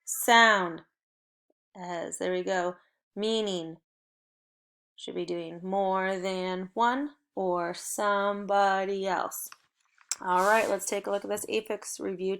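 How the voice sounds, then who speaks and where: An upbeat young woman teaches a recorded phonics lesson for children. She gives clear, encouraging prompts at an even teacherly pace and cheers the kids on between words. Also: medium pitch.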